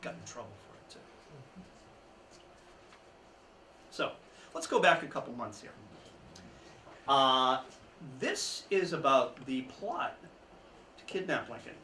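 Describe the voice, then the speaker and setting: A man's voice: medium pitch, takes it slowly, pauses often. Man telling history in an echoey room. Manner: storytelling, chuckling asides, lively emphasis. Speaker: history speaker. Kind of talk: informal history talk to an audience. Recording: echoey room, mic at a distance, faint background noise.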